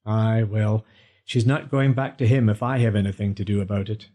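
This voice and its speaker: A man's voice: fairly low pitch, fairly even intonation, moderate pace, warm tone, close to an everyday voice. Man doing a blunt, protective father.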